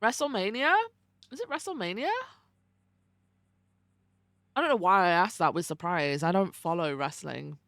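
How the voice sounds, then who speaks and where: A woman's voice: fairly low pitch, a little fast, creaky, few pauses, fairly bright tone, no echo, studio quality. A young adult woman streamer chatting casually with her viewers, greeting them by name and swearing freely. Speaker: livestreamer.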